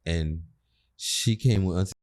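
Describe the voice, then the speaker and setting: A man's voice: sits low, measured pace, darkish tone. A man on a podcast, telling a story in slangy, swearing casual chat with laughs. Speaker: podcast co-host.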